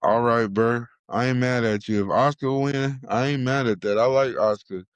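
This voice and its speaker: A man on a casual wrestling podcast, hyped and playful, throwing out slang and shout-outs. His voice sits at mid pitch and sounds smooth and clear. The recording is dry and close. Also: normal speed, no echo. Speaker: podcast co-host.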